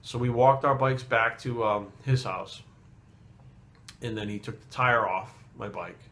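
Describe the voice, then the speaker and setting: A man's voice: medium pitch, unhurried, fairly bright tone, slight background noise. A man vlogging as a fitness trainer, telling a story in a casual, rambling way and swearing constantly. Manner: heavy swearing, rambling asides.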